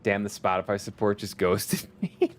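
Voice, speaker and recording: This game streamer talks at a moderate pace in a fairly low voice that swings widely in pitch. He keeps up casual chat with his viewers, laughing often and dropping the odd swear word. Faint background music runs underneath.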